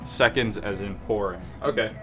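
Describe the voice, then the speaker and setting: A man's voice: lowish voice, normal speed, music in the background. A man in his twenties with a Southern American accent, chatting casually and joking to himself while mixing drinks. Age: 20s. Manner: rambling, self-deprecating, jokey asides. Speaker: bartender streamer.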